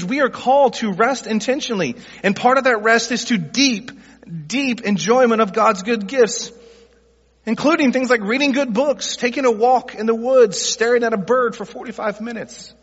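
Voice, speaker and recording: A man's voice: extremely high pitch, moderate pace, a bit bright, husky. A middle-aged male pastor preaching an earnest, conversational sermon that speaks directly to groups in the congregation. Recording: dull sound with long hall reverb.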